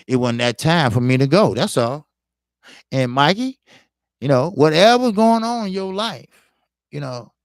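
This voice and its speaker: A man's voice: on the high side, no room sound, studio quality. Man rambling through a street story. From Chicago, USA. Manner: rambling, heavy on "you know" and profanity. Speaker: boxing channel host. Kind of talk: casual storytelling.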